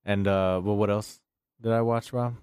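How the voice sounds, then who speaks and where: A man's voice: lowish voice, fairly even intonation, normal speed, darkish tone, clean tone. A man co-hosting a podcast, chatting casually about movies in a loose, rambling way, with plenty of fillers and swearing. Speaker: podcast co-host.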